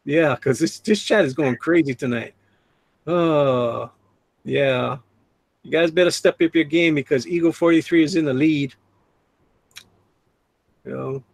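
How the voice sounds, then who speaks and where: A man's voice: a little high, measured pace, creaky, long pauses, no room sound. A middle-aged man hosting a live drawing stream, reading chat aloud and laughing often. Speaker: livestream host. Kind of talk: casual livestream chat.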